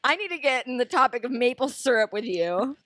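A woman's voice: sits high, big pitch swings, fairly quick, fairly bright tone, dry recording, studio quality. A young woman co-hosting a casual podcast, playful and teasing, laughing often. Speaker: podcast co-host.

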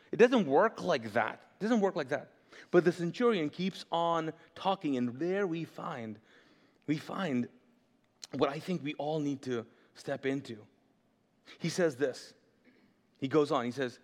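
High-voiced man preaching in a reverberant hall. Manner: animated, jokey storytelling with quick put-on voices. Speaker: pastor. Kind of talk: sermon.

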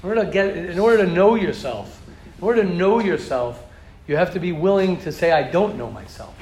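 A middle-aged American man giving an informal religious lecture to a group in a study hall, animated and repetitive, acting out quoted speech. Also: high voice, brisk. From United States. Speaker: Torah class teacher. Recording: roomy hall, faint ambient noise.

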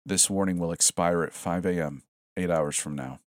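A cold, drawling campus intercom announcement, low and unhurried, as a man reads it in a horror story. The recording is close and dry. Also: dry recording, close to an everyday voice.

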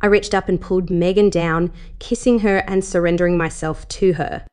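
A woman hosting and narrating a first-person erotic story in a steady, measured reading. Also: on the low side, clear, resonant tone. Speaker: host and narrator.

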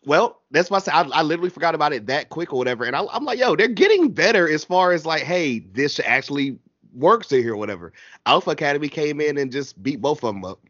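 A man in an easygoing, slang-filled wrestling recap, laughing as he goes. His voice sits at an ordinary pitch. The recording is dull and lo-fi, with a dry close sound. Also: big pitch swings, quick pace, fairly bright tone, no room sound. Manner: laid-back, slangy, laughs often. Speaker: podcast host. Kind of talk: casual wrestling recap chat.

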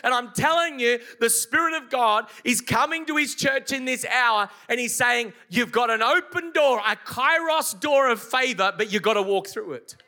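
High, bright-voiced preacher. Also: male voice, lively intonation, normal speed, few pauses. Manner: emphatic preaching, questions to the congregation. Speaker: pastor. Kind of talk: sermon. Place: church service before a congregation.

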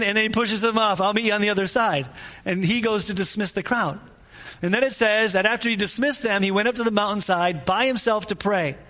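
A man's voice: high-pitched, a bit bright. A man preaching a conversational sermon, repeating phrases for emphasis and putting questions straight to his listeners. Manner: informal, asks listeners questions directly.

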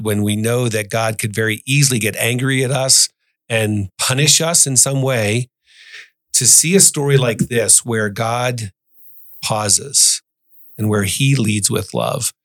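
A man hosting a faith podcast, talking through Bible passages in an earnest way and reading verses aloud slowly. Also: mid-range voice, fairly bright tone. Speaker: podcast host. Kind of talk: Bible study discussion.

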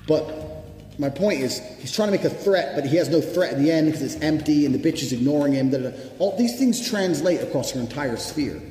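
A man's voice: fairly high pitch, lively intonation, brisk, dark tone. A man giving a blunt, profane, emphatic motivational speech. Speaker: motivational speaker. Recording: echoey hall reverb with background music.

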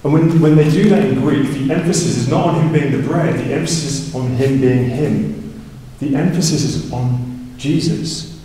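Preacher in an echoey hall, mellow voice. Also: male voice, slight background noise. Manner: explains scripture conversationally, asking "right?" often; rises in pitch and volume for emphasis. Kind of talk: sermon. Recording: far from the mic in a big echoey hall.

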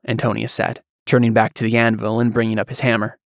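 A man reading fantasy fiction as narrator, in a measured storyteller's way. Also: on the low side, completely flat delivery, creaky, no echo, clean studio sound.

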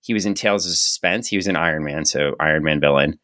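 A man co-hosting a podcast about comic books, talking casually, sarcastic and quick to laugh. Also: very deep voice, bright, forceful tone, no room sound, studio quality. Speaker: podcast co-host. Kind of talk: casual comic book chat.

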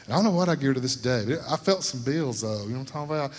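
A man's voice: mid-range voice, animated, very fast. A middle-aged man, giving a sermon testimony as folksy stories that keep checking in with his listeners. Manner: folksy storytelling, often asks "you know what I'm talking about". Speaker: lay speaker at a church service. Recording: reverberant church hall.

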